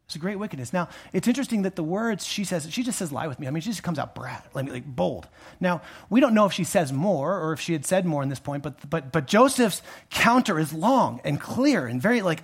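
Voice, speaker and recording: Animated high-voiced man preaching. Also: moderate pace, husky. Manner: animated, rising to emphatic peaks then dropping low; conversational, with frequent restarts and asides. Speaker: pastor. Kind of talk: sermon.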